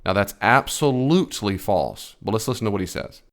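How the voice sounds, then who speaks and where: A man's voice: on the low side, animated, fairly quick. A man giving a reaction commentary on a theology video, explaining firmly and correcting the speaker.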